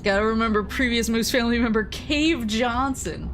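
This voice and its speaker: A woman's voice: a little high, normal speed, fairly bright tone, a little hiss or hum. Chatty young woman streaming a game. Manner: rambling storytelling, laughs often. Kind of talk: casual game-stream chat.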